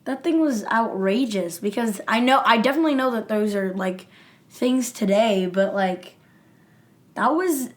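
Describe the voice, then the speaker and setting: A woman's voice: a little high, a little slow. A young adult woman co-hosting a podcast in casual chat, musing aloud and asking questions that trail off. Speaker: podcast co-host.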